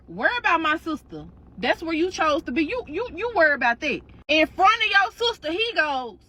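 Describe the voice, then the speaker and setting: A woman with a high, bright voice tells a dramatic second-person storytime. Her pitch leaps all over the place. She is sassy, slangy and swears freely. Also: very animated, fairly quick, few pauses. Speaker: storytime creator.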